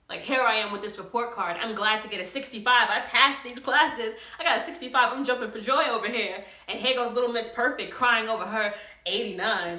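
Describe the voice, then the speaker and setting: A young woman vlogger telling a casual story, animated, laughing often and acting out quotes. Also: fairly high pitch, fairly quick, reverberant.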